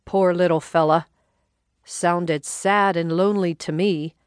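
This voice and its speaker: A woman's voice: on the low side, fairly even intonation, a little slow, clean tone, no echo, lightly acted. A woman voicing a grumbling, folksy older husband who talks in a dry, laconic drawl.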